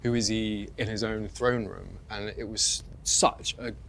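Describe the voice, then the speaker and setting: A male actor on a panel, animated and playful as he talks about his role. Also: on the low side, unhurried, vocal fry, slight background noise. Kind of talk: panel discussion.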